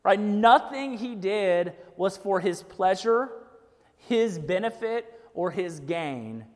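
A man's voice: high voice, lively intonation, takes it slowly, long reverb tail. A man preaching a sermon to a church group in a casual, conversational way, often checking in with "right?". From United States. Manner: casual, keeps asking "right?". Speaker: pastor.

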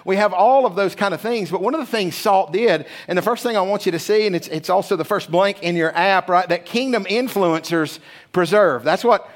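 A man's voice: high-pitched, brisk. A man preaching a sermon in a church, emphatic, often checking in with the congregation with "right?". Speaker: pastor.

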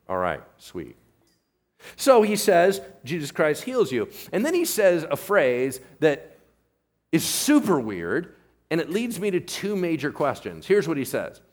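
Male pastor, sermon, lively swinging pitch, casual storytelling, acts out characters, talks straight to the congregation. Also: unhurried, slightly rough. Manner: animated storytelling, acting out biblical characters in casual modern voices; addresses the congregation directly, asking for agreement.

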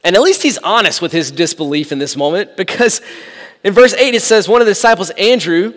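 A man preaching a sermon, animated, acting out the people in the story with sarcastic asides. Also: sits high, fairly quick. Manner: animated, acts out quoted dialogue, sarcastic asides. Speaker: pastor. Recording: long hall reverb.

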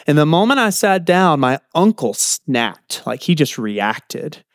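A man preaching a sermon in a conversational way, his pitch jumping up for emphasis. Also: very animated, a little slow, no room sound, studio quality. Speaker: pastor.

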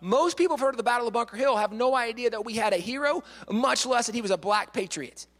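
A man giving a lively storytelling lecture, acting out quotes and often repeating words. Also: extremely high pitch, quick pace. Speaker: speaker. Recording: long hall reverb.

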